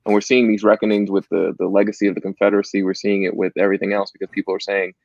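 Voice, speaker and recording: A man with a low, gravelly voice lays out an earnest, measured argument as an interview guest. His audio is dull and lo-fi, like a remote call, and it sounds dry and close. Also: flat delivery, darkish tone, no echo. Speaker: guest, civil rights organization representative. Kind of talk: conversational interview.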